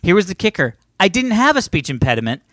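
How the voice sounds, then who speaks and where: A man co-hosting a chatty podcast, reading listener mail in a slightly high, animated voice. He swerves into squeaky, indignant rants and swears freely. The mic is close and dry. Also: fast talker, no echo. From Iowa. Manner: animated storytelling with swearing and sudden high-pitched outbursts. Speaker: podcast co-host. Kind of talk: casual chat, reading listener letters aloud.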